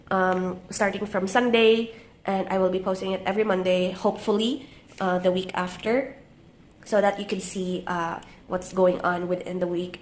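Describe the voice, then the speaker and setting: A young woman with a medium-pitched voice, congested from a cold. She talks casually and gently over her journal pages, stopping often with soft "uh"s as she goes. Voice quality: soft, relaxed voice-over with many "uh" pauses. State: stuffy-nosed from a cold. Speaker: journaling YouTuber. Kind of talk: casual voice-over flip-through.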